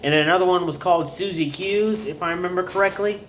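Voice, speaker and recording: A man's voice: high-pitched, quick pace. Rambling man, faint hiss. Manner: rambling, self-correcting, folksy. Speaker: YouTuber showing collectibles. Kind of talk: casual show-and-tell vlog.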